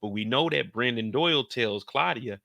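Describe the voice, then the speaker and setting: A man's voice: medium pitch, animated, normal speed, vocal fry, sharp tone, no echo. A man hosting a casual TV episode recap, joking, swearing and talking straight to his viewers. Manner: profane, joking, addresses viewers directly. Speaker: TV show recap host.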